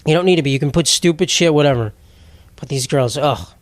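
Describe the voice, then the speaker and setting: A young man hosts his own podcast alone, ranting bluntly about whatever comes up and poking fun at himself as he goes. His voice sits a little high for a man. The sound is dry and close, with no room echo. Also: fast talker. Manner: rambling, blunt and self-mocking, laughs mid-sentence. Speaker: podcast host. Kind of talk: solo comedic podcast rant.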